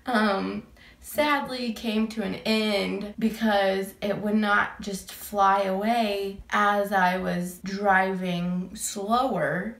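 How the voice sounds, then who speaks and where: A woman's voice: medium pitch, sharp tone, reverberant. A young woman vlogger telling a story in casual chat, rambling with lots of "like" and breaking into giggles.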